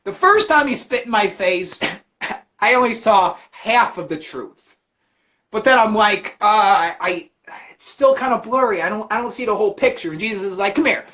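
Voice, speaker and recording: A man hosting a livestream, ranting about religion with constant cursing and animated storytelling. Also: high-pitched, normal speed. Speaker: livestream host. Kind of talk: profane religious rant.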